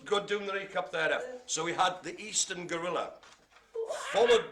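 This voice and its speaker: A middle-aged man hosting a live bingo game, chatty and jokey, speaking to his audience as ladies and gentlemen. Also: high voice, normal speed, background noise. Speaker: bingo caller and host.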